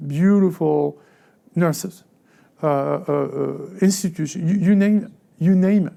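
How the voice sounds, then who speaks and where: Guy preaching a sermon, kinda high, mellow voice, keeps stammering and restarting. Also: creaky. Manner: halting, with frequent stammered restarts and repeated words; conversational preaching, acting out everyday voices. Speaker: lead pastor.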